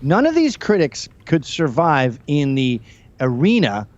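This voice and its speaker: Scornful man with lively, slightly muffled delivery. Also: a little high, a little slow. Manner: blunt, scornful, deadpan put-downs. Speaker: guest comedian. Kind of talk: comedic talk show banter.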